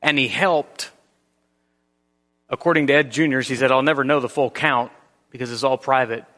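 A man preaching a sermon in a church, earnest, with slow emphatic phrases and frequent restarts. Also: mid-range voice, bright, forceful tone. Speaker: pastor. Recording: long reverb of a large hall.

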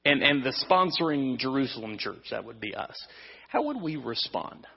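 A man's voice: medium pitch, lively intonation, normal speed, vocal fry, husky, long reverb tail, lo-fi sound. A man preaching an evening sermon in an easygoing, conversational way, with restarts and some humor. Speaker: pastor.

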